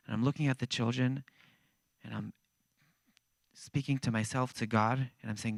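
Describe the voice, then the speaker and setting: A man giving a church talk as animated, conversational storytelling. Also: medium pitch, normal speed, vocal fry, pauses often, no echo. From Israel. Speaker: guest speaker. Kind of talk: storytelling testimony.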